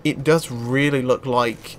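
A man giving relaxed gameplay commentary in an even, mid-range voice, taking his time between remarks. He is chatty and excitable and often breaks into laughter. A faint hiss of background noise sits under the recording. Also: medium pitch, a little slow. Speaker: gaming YouTuber. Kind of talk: casual let's play commentary.

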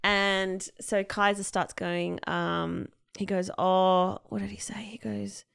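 A woman's voice: medium pitch, flat delivery, slow, gravelly, fairly bright tone, clean tone. A woman co-hosting a podcast, retelling a story in casual chat with lots of fillers and acted-out quotes. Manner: chatty, many fillers, acts out quoted people. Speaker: podcast co-host.

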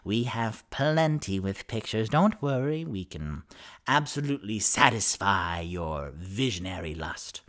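A man's voice: on the low side, sing-song, measured pace, fairly bright tone. A man voicing a short, stout female bronze dragonborn sorcerer who runs a bookshop, eager and gushing. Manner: gushing, eager, politely flustered.

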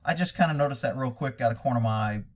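A man's voice: mid-range voice, very fast, recorded from a distance, a little hiss or hum. A man critiquing a training video as a horse trainer, blunt, profane and lecturing.

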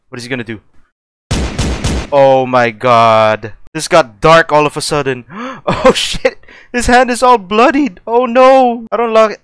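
A young man gives loose, excitable commentary on his game, laughing often and swearing freely. His fairly high voice swings up and down wildly as he reacts. Faint music plays underneath. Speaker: gaming streamer. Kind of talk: let's play commentary.

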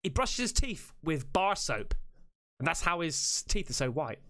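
A man's voice: fairly high pitch, big pitch swings, unhurried, fairly bright tone. A man hosting a reaction video, swearing and joking crudely as he comments on clips. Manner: crude, swearing, jokey and exclaiming.

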